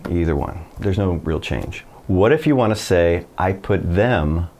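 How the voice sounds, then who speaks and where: A man teaching a casual Spanish lesson, chatty and relaxed, slowing down for example sentences. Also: sits low. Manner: relaxed, chatty explaining with slow model sentences.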